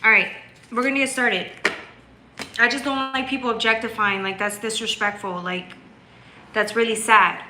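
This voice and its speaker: A woman's voice: fairly high pitch, steady tone, moderate pace, long pauses, noisy background. A woman hosting a tarot livestream, chatting casually and bluntly with viewers. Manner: blunt and scolding, reads chat aloud, bursts into loud laughter. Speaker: tarot reader and livestream host.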